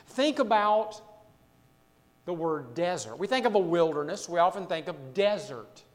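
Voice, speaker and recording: A man preaching a sermon as pastor, swinging between loud emphatic lines and quiet, low asides, repeating words for weight. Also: in a large hall, rough recording.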